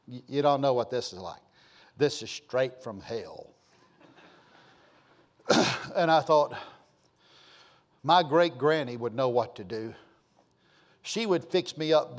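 A middle-aged man preaching a sermon, telling folksy stories and rising to emphatic points. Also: medium pitch. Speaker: pastor.

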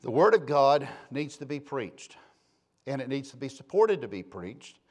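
A man preaching a sermon, impassioned, swinging between soft asides and loud calls to the congregation. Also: mid-range voice, sing-song, normal speed. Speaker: pastor.

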